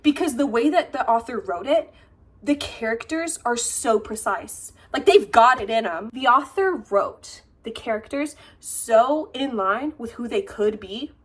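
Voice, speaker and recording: A woman in her twenties chatting excitedly in a vlog, gushing and swearing as she unboxes books. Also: on the high side, measured pace, slightly rough. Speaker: vlogger. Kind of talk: casual chat and book unboxing.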